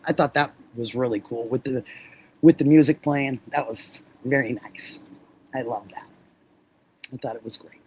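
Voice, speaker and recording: A middle-aged woman hosting a livestream, chatting warmly with viewers, effusive and laughing often. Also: extremely low pitch, moderate pace, pauses often, slight background noise, low-quality recording. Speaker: livestream host. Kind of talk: casual chat with live viewers.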